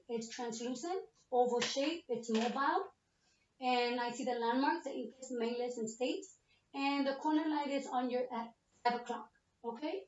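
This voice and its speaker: A woman's voice: high voice, a little hiss or hum. A woman, a nursing student, talks a patient through a physical exam, explaining each step and checking in with "okay?" again and again. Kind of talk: narrated physical exam demonstration. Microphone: laptop webcam. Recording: roomy, distant, muffled webcam audio.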